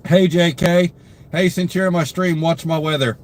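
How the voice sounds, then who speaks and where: A man's voice: on the high side, fairly even intonation, moderate pace. A tired young man hosting a casual live stream, greeting viewers by name and chatting with lots of fillers. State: tired, yawning. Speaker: livestream host. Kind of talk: casual live-stream chat reading comments.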